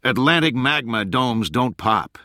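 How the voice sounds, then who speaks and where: A man voicing a calm male oceanographer who explains science patiently. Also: mid-range voice, a little slow, no room sound, clean studio sound, pitched above the performer's own voice. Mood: explaining.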